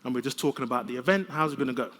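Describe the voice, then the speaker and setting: A man giving a conference keynote, telling lively, conversational stories with humor. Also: medium pitch, very fast. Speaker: keynote speaker. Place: large conference hall. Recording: long reverb of a conference hall.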